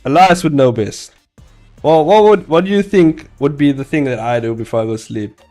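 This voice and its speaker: Drawing his comic on a live stream, a young man chats loosely with his audience, laughing often, wandering off topic and cursing without restraint. He speaks at a normal speed in a fairly high, warm voice, with faint music behind him.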